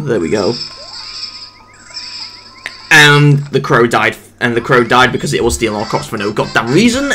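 A man's voice: medium pitch, sharp tone. A young man commentating casually over a game he is playing, rambling and swearing with jokey asides. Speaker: gameplay commentator. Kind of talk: casual let's play commentary. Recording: faint game music behind.

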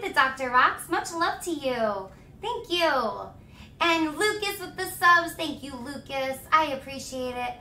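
A young woman streaming live, chatting with viewers and thanking them in a bubbly, gushing way with excited shouts. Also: high voice, measured pace, far from the mic. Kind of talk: live stream chat, reading donations. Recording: echoey room, voice a little off-mic.

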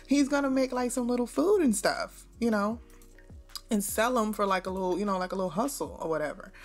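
A woman giving casual, slangy, animated commentary over a game she is playing. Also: a little high, moderate pace, soft background music. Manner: chatty, slangy, animated storytelling. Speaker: gameplay narrator.

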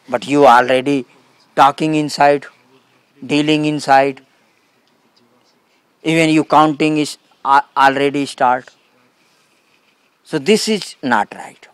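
A man giving a spiritual talk to a gathering in simple, broken English, calmly repeating short phrases. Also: fairly high pitch, dry recording. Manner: calm, emphatic contrasts. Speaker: spiritual teacher.

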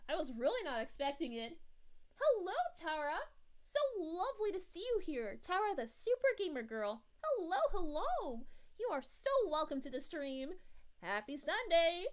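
A woman's voice: high-pitched, very animated, normal speed. A woman voicing a cheerful young princess on a livestream, bubbly and giggly, cooing at viewers while answering chat. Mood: welcoming. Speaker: VTuber streamer.

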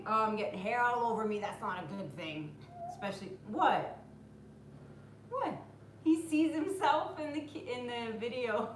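A woman's voice: on the high side, lively intonation, unhurried, echoey room, a little hiss or hum. A woman hosting a live stream from home, chatting casually, greeting viewers by name and cooing at her puppy. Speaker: acrylic pour artist hosting a live stream. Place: home room with the door closed.

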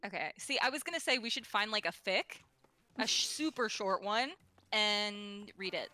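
A woman chatting casually as a guest on a gaming stream, quick to get excited. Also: mid-range voice, no room sound. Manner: excitable, gasps at cute things.

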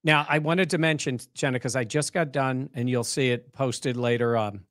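A man co-hosting a sports talk show, breaking down the game in casual, animated conversation. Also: medium pitch, normal speed, no echo, studio quality.

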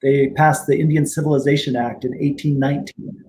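A middle-aged man being interviewed as a guest, telling stories in a relaxed, rambling way, with many fillers and restarts. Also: a little high, a little fast. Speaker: guest attorney and tribal judge. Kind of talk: casual interview storytelling.

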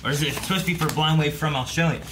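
A man's voice: a little high, steady tone, racing. A man co-hosting a casual chat, joking and giggling as he talks. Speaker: co-host. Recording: noisy room recording.

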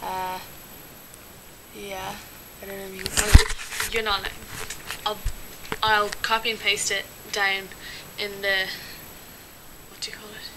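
A young woman from Dublin with a clear Dublin Irish accent, chatting her way through an accent challenge. She giggles and fills gaps with "um," and her voice sits at an ordinary middle pitch. The home recording has steady background noise and some clicks. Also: slow, pauses often. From Dublin, Ireland. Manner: chatty, giggly, scattered with fillers. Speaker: vlogger. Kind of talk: casual word-list accent challenge.

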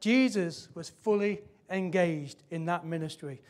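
High-voiced man preaching a sermon. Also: a little mellow. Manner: emphatic, repeats key phrases, slows for emphasis. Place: church.

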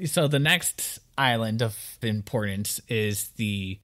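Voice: mid-range voice, slow pace, fairly bright tone. A podcast co-host discussing a book thoughtfully, sometimes repeating words while thinking.

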